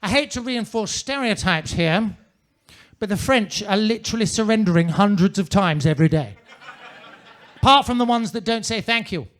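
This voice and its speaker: A man's voice: sits high, expressive, normal speed, a bit bright. A man performing a stand-up comedy set on a comedy club stage, in a pompous manner with ornate wording.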